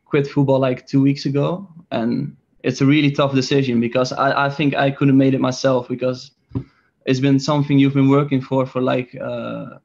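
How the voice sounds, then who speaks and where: A Dutch soccer player in his twenties, appearing as a guest, answers interview questions hesitantly, full of fillers and restarts. His medium-pitched voice is gravelly and darkish, with a level tone at normal speed, and the recording sounds muffled.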